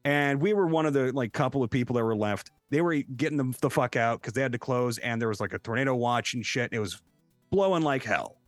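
A man's voice: medium pitch, fairly quick, dry recording, faint music behind. A man chatting casually as a streamer, telling stories with lots of swearing and laughter. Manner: animated storyteller, jumps into quoted voices; swears freely, laughs often. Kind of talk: casual chat.

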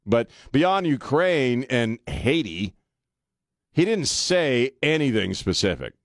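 A man's voice: mid-range voice, sing-song, takes it slowly, no room sound, clean studio sound. A man hosting a talk radio show, blunt and sarcastic, rambling with frequent restarts. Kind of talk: opinionated talk radio monologue. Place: radio studio.

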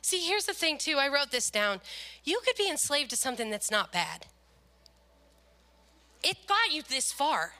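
A middle-aged woman preaching a sermon, telling a personal story in an animated, expressive way. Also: sits high, moderate pace, pauses often.

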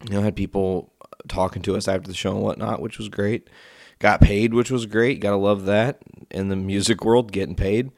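A man hosting his own podcast, telling a story in a casual, profane, ranting way that jumps up in pitch when he gets worked up. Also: fairly even intonation, moderate pace, gravelly, darkish tone, dry recording, studio quality. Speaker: podcast host.

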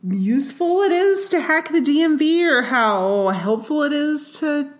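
A woman's voice: high voice, expressive, a little slow. A woman co-hosting a podcast, chatting casually as she shares research findings and laughs as she explains them. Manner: laughs while explaining facts. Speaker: podcast co-host. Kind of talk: casual chat sharing research.

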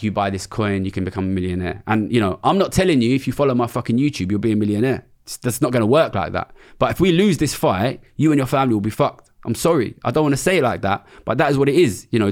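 A man, a former trader giving an interview in a blunt, passionate, sweary way. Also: medium pitch. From England. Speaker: economist and former trader, guest.

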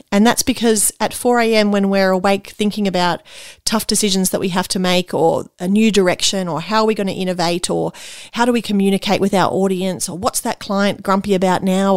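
A woman's voice: medium pitch, dry recording, clean studio sound. A woman hosting a solo podcast, chatty and enthusiastic, with gushing asides. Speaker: podcast host.

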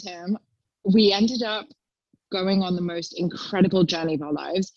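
Brief: young woman, animated storyteller, dry and slightly dull recording. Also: unhurried, no echo. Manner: chatty storyteller, acts out quotes in a high voice. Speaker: guest. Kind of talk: casual chat.

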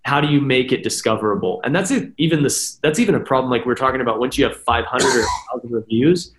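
Animated man in a roomy room. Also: mid-range voice, quick pace. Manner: animated, talks in long explanations with many "right?" asides. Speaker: podcast guest. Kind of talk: casual podcast chat. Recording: roomy echo.

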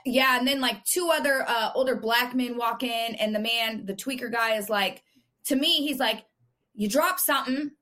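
A woman podcast co-host telling a profane, animated story in casual chat. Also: on the high side, moderate pace.

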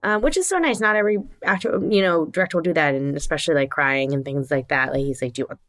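A woman with a low, deep voice co-hosts a casual chat, animated and quick to laugh, with plenty of fillers. The sound is dry and close, with no room around it. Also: no room sound. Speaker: podcast co-host.

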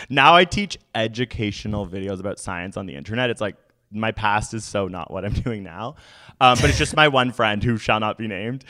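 A man's voice: on the low side, sharp tone. A young man from Canada, a guest telling stories in casual chat and quoting people in voices.

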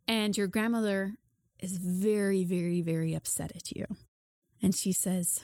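A woman's voice: mid-range voice, a little slow, no echo, clean studio sound. Woman game master narrating casually. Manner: relaxed, conversational, with "uh"s. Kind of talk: narrating a tabletop horror game.

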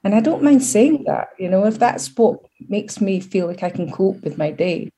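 A middle-aged woman from Scotland speaks at a moderate pace in a mid-range voice during a frank interview. As the guest, she spins humorous, animated stories with obvious pride.

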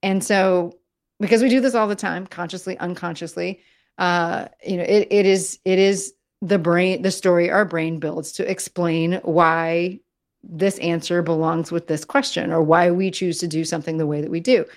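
Chatty woman with quick restarts. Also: lowish voice. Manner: animated, self-interrupting, lots of fillers. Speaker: guest, messaging consultant. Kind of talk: conversational interview.

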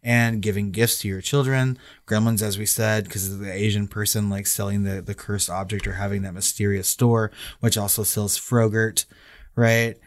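A man's voice: fairly low pitch, level tone, moderate pace. Enthusiastic laughing male podcast co-host. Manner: enthusiastic, laughing, swearing casually. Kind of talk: casual chat.

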